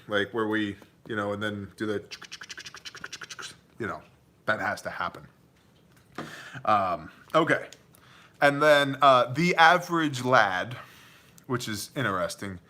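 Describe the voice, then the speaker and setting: A man's voice: on the low side, sharp tone. A man hosting a live viewer Q&A, joking and chummy, calling chatters "man" and "brother". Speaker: livestream host answering viewer questions. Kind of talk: casual live Q&A chat.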